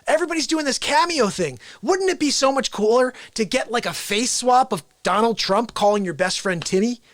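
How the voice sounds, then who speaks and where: A man hosting a live-streamed casual talk show, excitable and salesy, talking straight to his viewers. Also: very high-pitched, brisk, dry recording. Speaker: host.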